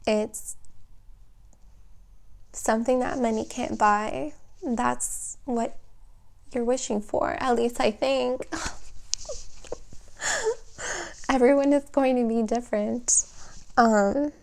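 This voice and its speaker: Slow-spoken woman reading tarot cards. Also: on the high side, lively intonation, creaky, darkish tone. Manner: emotional, exclaiming, thinking aloud. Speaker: tarot reader.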